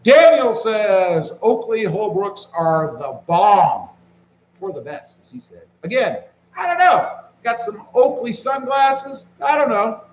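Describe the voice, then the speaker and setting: A man hosting a casual live stream, reading viewer comments aloud and greeting people by name in a relaxed way while he walks around with his phone. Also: sits high, slow, reverberant, muffled recording, a little hiss or hum. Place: walking around outdoors.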